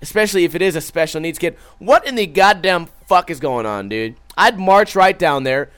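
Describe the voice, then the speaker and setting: Young male streamer, loose profane chat, lively swoops, slightly high voice. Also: moderate pace, hardly any pauses, clear, resonant tone. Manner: profane, animated, acts out his own stories. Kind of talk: casual chat reading viewer comments.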